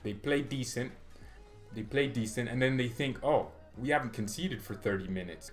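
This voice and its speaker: A young man hosting a football fan vlog, animated and opinionated, laughing often and acting out players. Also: medium pitch. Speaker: football fan channel host.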